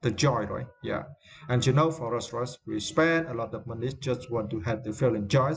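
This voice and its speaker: A man's voice: medium pitch, moderate pace, gravelly, slight background noise. Hesitant man teaching English vocabulary. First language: Vietnamese. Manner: hesitant, many fillers and tag questions. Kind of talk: vocabulary lesson.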